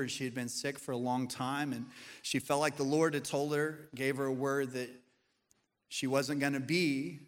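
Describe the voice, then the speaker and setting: A male pastor, preaching a sermon and telling stories in an animated way to a church audience. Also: medium pitch, big-room sound. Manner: storytelling, animated, acts out quoted voices. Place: church sanctuary.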